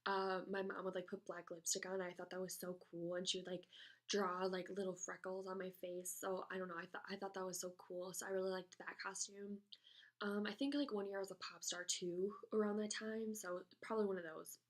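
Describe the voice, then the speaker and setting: A woman's voice: mid-range voice, steady tone, fairly quick. A young American woman vlogger answering tag questions in casual chat, rambling and hesitant with lots of "like" and "um". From United States.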